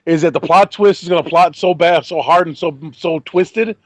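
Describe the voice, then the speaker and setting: A man's voice: on the high side, moderate pace, no room sound. A man co-hosting a casual podcast, talking in a brash, profane way and repeating himself. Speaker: podcast co-host.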